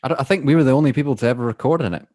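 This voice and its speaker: Young male co-host on a video call, mid-pitched, halting and jokey. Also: darkish tone, no echo, studio quality. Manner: apologetic, joking, halting. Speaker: podcast co-host. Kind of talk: casual chat.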